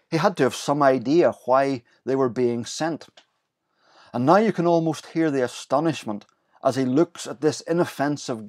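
A man preaching a sermon, explaining the scripture passage in a lively way and voicing the quoted lines. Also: medium pitch.

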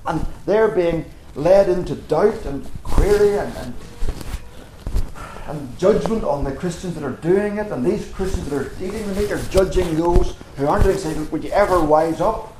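A man's voice: high-pitched, lively intonation, normal speed, noisy background. Earnest man preaching in a roomy church. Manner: earnest, emphatic preaching with rhetorical questions. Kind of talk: sermon.

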